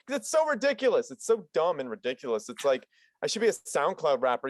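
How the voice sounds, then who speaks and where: A man talks in a loose, joking way, telling stories at a playful clip. His voice sits a little high for a man. The sound is dry and close, recorded on a studio mic in his home setup. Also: very animated, fairly quick, dry recording. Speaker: podcast guest, vocalist. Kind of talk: casual chat. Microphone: studio dynamic mic at home.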